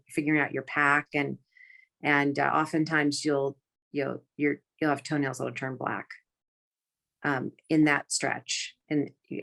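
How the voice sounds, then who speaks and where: A low-pitched woman with a gravelly edge tells a personal story in conversation. She talks in an earnest, halting way, restarting sentences and filling gaps with small pauses. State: close to tears. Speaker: guest.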